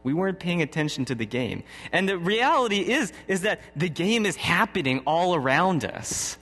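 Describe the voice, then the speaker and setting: A man in his thirties gives a sermon at normal speed, very animated and high-pitched with a slightly bright tone. He tells a personal story in a conversational way, chuckling often, and the room adds a long hall reverb.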